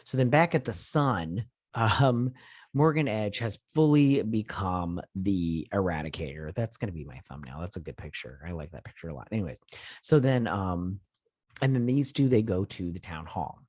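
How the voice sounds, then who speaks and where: Husky-voiced man rambling through a recap. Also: sits low, lively intonation, moderate pace, darkish tone, no echo, studio quality. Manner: rambling, paraphrases scenes with lots of "like" and asides. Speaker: show host reviewing a TV episode. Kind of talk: casual episode recap and review.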